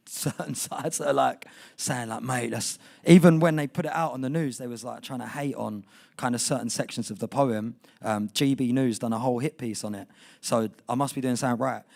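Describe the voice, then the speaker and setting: A man's voice: medium pitch, gravelly, darkish tone, no room sound, studio quality. A young man performing spoken word poetry live, chatty and rambling between poems, rhythmic when reciting. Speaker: performing poet. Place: indoor poetry night venue.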